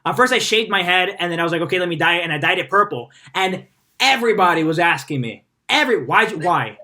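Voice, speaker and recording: Bright-toned laid-back male host. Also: high-pitched, expressive, fast. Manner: laid-back, laughs often, many fillers. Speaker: radio podcast host. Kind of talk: casual interview chat. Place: Miami.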